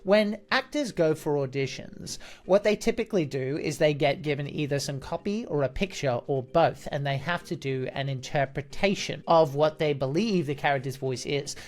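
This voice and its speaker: A man who voices characters for a living speaks straight to his viewers. He walks through his points one step at a time in a relaxed, chatty vlog manner. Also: on the high side, moderate pace, hardly any pauses. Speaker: voice actor. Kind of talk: explaining to the camera, casual vlog talk.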